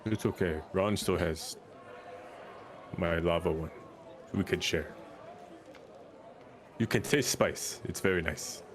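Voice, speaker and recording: A man playing a tabletop game, speaking in a slow, easygoing way. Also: sits low, slight background noise. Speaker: player.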